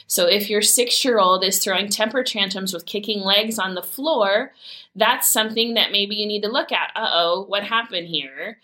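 Bright-voiced mother telling candid stories. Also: medium pitch, normal speed. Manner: candid storytelling with laughs and acted quotes. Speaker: mother speaking on parenting. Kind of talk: casual faith-based talk.

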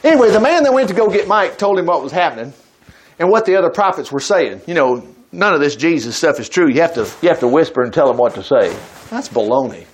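A man preaching a sermon, retelling a Bible story in a folksy, animated way with frequent chuckles. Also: on the high side, quick pace, husky.

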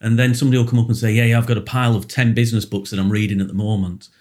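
A business coach hosting a podcast, telling anecdotes in a casual chat over a video call from a small spare room. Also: male voice, fairly low pitch, level tone, racing, a little mellow.

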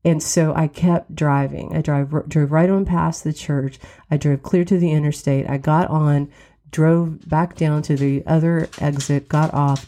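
A middle-aged woman from West Virginia hosts her podcast solo, telling a personal story in a candid, reflective way with wry laughs. Her voice is low and mellow, though a lingering cold sometimes catches it and brings an occasional cough.

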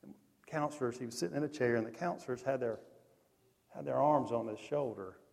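A man preaching a sermon, telling stories in a lively, conversational way. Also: medium pitch, a little fast, creaky. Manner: animated, conversational storytelling with lively swings in loudness. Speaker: pastor. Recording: long echo of a large hall.

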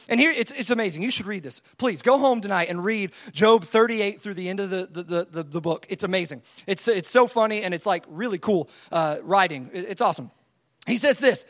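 A young man preaching a casual, energetic sermon, acting out lines with lots of energy. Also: high voice, brisk. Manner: energetic, casual, acts out voices of God and people.

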